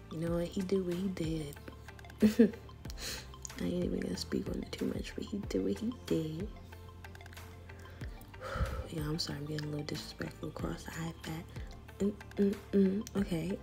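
A woman's voice: on the low side, mellow. A young woman vlogger giving casual, slangy commentary on a chat room, laughing often and sometimes dropping to a whisper.

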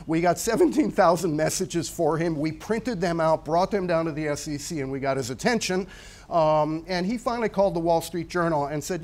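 A man in his sixties, speaking at a talk in a fairly high voice. He tells anecdotes loosely and conversationally, with plenty of ums and uhs. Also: normal speed, darkish tone. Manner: anecdotal, conversational with frequent fillers. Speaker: guest speaker. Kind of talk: storytelling talk.

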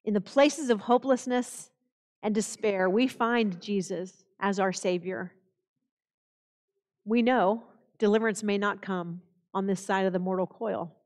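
A woman pastor delivers a sermon in a church sanctuary. She speaks slowly and solemnly, weaving in quoted scripture. Her voice sits at an ordinary middle pitch. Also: darkish tone, in a large hall.

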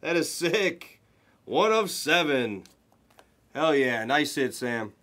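A man hosting a live card break, calling out pulls to viewers with excited, hyped commentary and the odd swear. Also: on the high side, slow pace.

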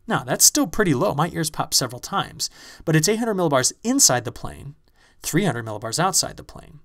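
A Midwestern man teaching a recorded online lecture, his voice sitting a little on the high side. He explains things in an animated, storytelling way. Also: brisk, vocal fry. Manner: lively storytelling, animated when excited. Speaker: university lecturer. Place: recording space in Champaign-Urbana.

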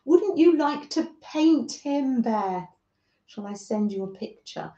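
A woman from northern England who hosts a craft livestream, chatting gently with viewers by name and often laughing as she works. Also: on the high side, expressive, slow. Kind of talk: casual chat with live viewers while crafting. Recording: echoey room, dull lo-fi sound.

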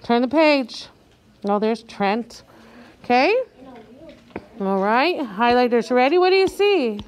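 Woman teacher, high voice, reads real slow and careful for little kids. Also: expressive. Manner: slow, clear, patient, drawing out words. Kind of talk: reading lesson for young children.

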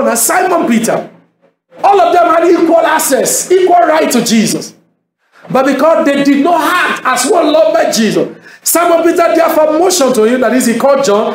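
A man from Nigeria preaching a sermon as a pastor, emphatic, often shouting and repeating his calls to the congregation. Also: extremely high pitch, slight background noise. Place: church hall. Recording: echoey hall with music behind. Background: instrumental music.

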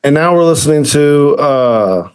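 A man's voice: a little high, lively intonation, unhurried, clear, resonant tone. Rambling man in casual podcast chat. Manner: rambling, many fillers and self-corrections. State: choked up with emotion. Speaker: podcast co-host.

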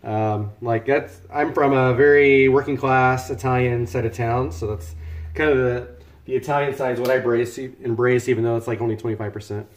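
A man's voice: mid-range voice, steady tone, normal speed. A man from the United States hosting a home cooking live stream, chatting casually and greeting viewers by name as he cooks.

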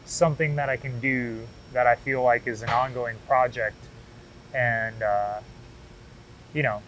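A man from Michigan, a guest in a casual interview, telling a story in a relaxed way with lots of fillers. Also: mid-range voice, a little slow, slight background noise, rough recording. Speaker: guest, bassist and machine shop manager.

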